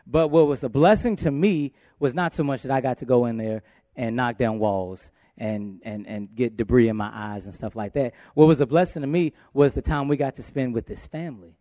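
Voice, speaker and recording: Young worship pastor, sermon storyteller, medium pitch, dry close recording. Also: male voice, moderate pace, warm tone, dry recording. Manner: storytelling, addresses congregation as y'all.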